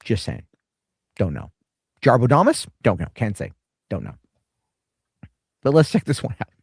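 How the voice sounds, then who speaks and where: A man's voice: mid-range voice, huge pitch swings, moderate pace, gravelly, husky, no echo, clean studio sound. A man hosting a casual reaction show, talking in a profane, sarcastic, rambling way. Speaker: reaction streamer host.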